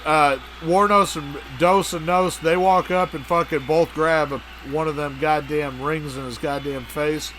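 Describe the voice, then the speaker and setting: A man's voice: on the high side, fairly even intonation, a little slow, hardly any pauses, fairly bright tone, slight background noise. A man co-hosting a podcast, telling a crude, rambling comedic story full of profanity and acted-out voices. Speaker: podcast co-host.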